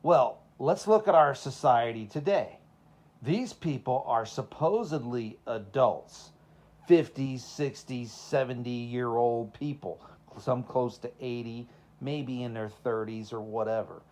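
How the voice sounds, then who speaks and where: A man's voice: mid-range voice, takes it slowly. Southern man preaching in casual storytelling. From Texas. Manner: conversational, rhetorical questions, animated. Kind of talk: informal sermon with personal stories.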